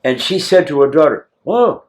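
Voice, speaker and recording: An older man, a war veteran, telling his story in an oral history interview with a teasing, lively manner. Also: medium pitch, unhurried. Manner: lively, acts out scenes, teasing.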